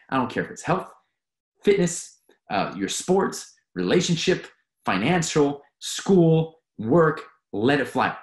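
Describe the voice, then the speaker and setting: A man giving an earnest, emphatic motivational talk as a mental performance coach, repeating his key phrases. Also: medium pitch. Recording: roomy echo.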